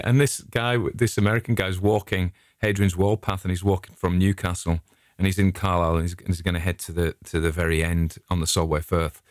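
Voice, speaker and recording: A man's voice: deep voice, no echo, clean studio sound. A middle-aged English man telling stories in a casual, rambling monologue, chatty and full of digressions. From England. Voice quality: chatty anecdotal storyteller, digressive. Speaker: vlogger.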